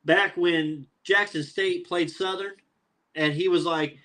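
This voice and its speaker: A man, co-hosting a casual sports podcast. His voice sits a bit higher than most men's, and he trash-talks with animated, teasing energy. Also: slow pace. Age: 30s. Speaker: podcast co-host.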